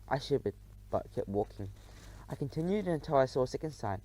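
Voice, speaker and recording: A man narrating a children's adventure audiobook in the first person, telling it in an expressive, dramatic way. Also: medium pitch, fairly quick, low-quality recording.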